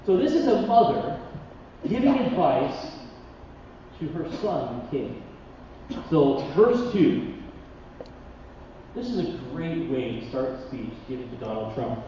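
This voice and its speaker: A man preaching a sermon, reading scripture with dramatic pauses and chatting with the congregation between passages. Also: fairly high pitch, slight background noise. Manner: expressive Bible reading, dramatic pauses, conversational asides. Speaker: pastor. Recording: distant mic in a reverberant hall, dull sound.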